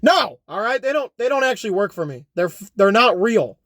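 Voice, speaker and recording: A young man with a high, springy voice rants his way through a comedic home vlog. He rambles, cracks jokes at himself and keeps checking in with the viewer, all close and dry with no room sound. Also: very animated, fairly quick, a bit bright, dry recording. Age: young adult. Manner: rambling, jokey, self-correcting, repeats "all right?". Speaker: YouTuber. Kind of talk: unscripted comedic vlog rant.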